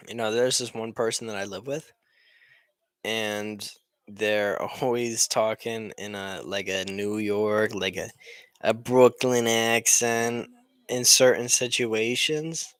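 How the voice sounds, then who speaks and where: A young man talks through a football game on his live stream, rambling and cracking jokes as he goes. His voice is bright and forward. The sound is dry and close, with almost no room around it. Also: fairly low pitch, fairly even intonation, takes it slowly, clear, resonant tone, no echo. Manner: rambling, joking, laughs often. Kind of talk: casual live-stream commentary.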